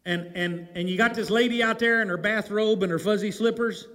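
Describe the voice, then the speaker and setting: A man preaching a sermon, telling the story with animation and swinging from loud calls to hushed, low lines. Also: steady tone, brisk. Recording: long hall reverb.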